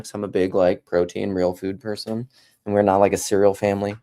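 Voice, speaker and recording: A man's voice: on the low side, fairly even intonation, moderate pace, long pauses, darkish tone, clear, resonant tone. Rambling, joking male live streamer. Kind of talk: casual livestream monologue. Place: home.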